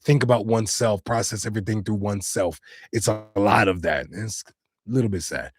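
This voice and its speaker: A man's voice: on the low side, fairly quick, husky, dry recording, clean studio sound. A man live-streaming, talking earnestly and casually to his chat in slangy speech. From United States.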